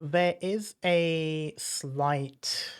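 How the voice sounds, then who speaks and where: A man's voice: a little high, fairly even intonation, very slow, smooth. A man running a tabletop game as dungeon master, describing the scene at an easy pace with many fillers.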